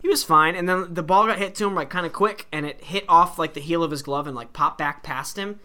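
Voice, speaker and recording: A man's voice: a little high, brisk, sharp tone. Swearing, laughing young man. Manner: swears freely, lots of "like" fillers, laughs. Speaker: podcast co-host. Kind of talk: casual chat.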